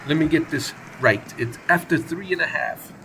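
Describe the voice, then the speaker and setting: A man's voice: fairly high pitch, normal speed, a bit bright, a little hiss or hum. A man calling play-by-play for a simulated baseball game on his own, casual and chatty, with asides and self-corrections. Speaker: play-by-play commentator.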